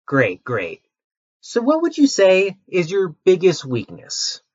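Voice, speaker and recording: A man playing a rude corporate job interviewer in a comedy sketch, brisk, deadpan and condescending. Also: high-pitched, no room sound, muffled recording, full character voice.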